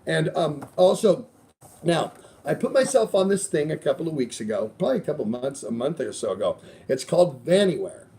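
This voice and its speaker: A man's voice: fairly high pitch, big pitch swings, fairly quick, creaky, warm tone, slight background noise. A middle-aged man hosting a casual podcast, rambling loosely through sponsor reads with plenty of swearing. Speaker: show host.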